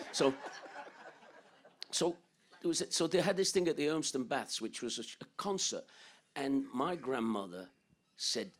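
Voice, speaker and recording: An older man from England, a musician telling rambling, joking stories in an interview, laughing often. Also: mid-range voice. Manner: rambling, joking, laughs often, breaks into song and quoted voices. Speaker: guest musician. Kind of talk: storytelling interview.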